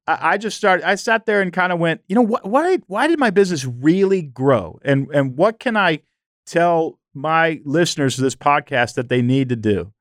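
A male podcast host telling stories in an animated, chatty way, often using "you know". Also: a little high, normal speed, no echo, clean studio sound. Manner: animated storytelling, frequent "you know" fillers. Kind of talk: conversational interview.

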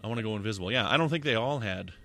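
A man guesting on a podcast commentary, telling stories in an animated way with lots of fillers and laughter. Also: lowish voice, very fast, vocal fry. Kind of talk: casual episode commentary.

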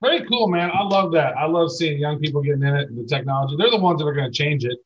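A man's voice: fairly high pitch, animated, fast talker, husky, dull audio. A middle-aged man co-hosting a casual podcast, rambling and enthusiastic, with playful swearing. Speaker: podcast co-host.

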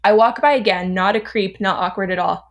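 Brief: thirties woman from Southern California, podcast guest, mid-pitched, chatty storyteller, laughs a lot, loose and animated delivery. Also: brisk. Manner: chatty, animated, laughs often, many fillers. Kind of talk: casual storytelling.

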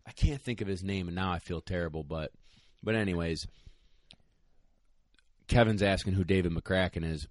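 Deep-voiced guy hosting a chat, tells stories and laughs, dry close sound. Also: normal speed, no echo. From northern United States. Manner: storytelling, laughs as he talks. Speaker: podcast host. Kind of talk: casual chat.

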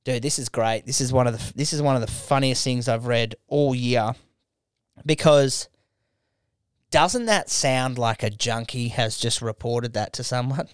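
A man's voice: medium pitch, a little slow, smooth, no echo, clean studio sound. Joking man on a podcast. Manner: loose, joking, swears freely, slips into silly voices. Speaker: podcast co-host. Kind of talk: casual comedic podcast chat.

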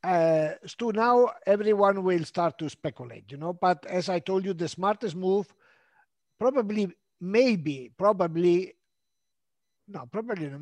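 A man's voice: high voice, darkish tone, no echo. A man co-hosting a casual motorsport chat, emphatic and fond of saying "you know". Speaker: co-host.

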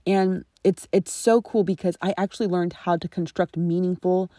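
A woman's voice: lowish voice, fairly even intonation, normal speed, mellow, no echo, studio quality. A woman in her thirties, a friendship coach hosting her own podcast, explaining in a conversational, instructive way and often checking in with her listeners. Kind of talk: solo podcast teaching monologue.

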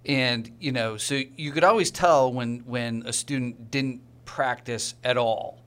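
A man's voice: mid-range voice, measured pace, fairly bright tone, smooth. A man co-hosting a casual conversation, chatty and a little tentative, who asks questions and shares stories. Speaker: podcast co-host.

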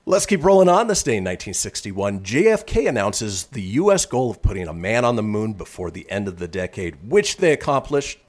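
A man hosting a casual radio show, reading history items with quick asides. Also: fairly low pitch, very animated.

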